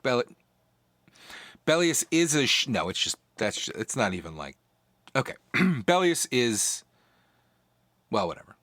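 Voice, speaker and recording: A man's voice: medium pitch, sing-song, a little slow, long pauses, fairly bright tone, no room sound. A man co-hosting a casual podcast about a video game, rambling and restarting his sentences with a wry edge. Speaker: podcast co-host.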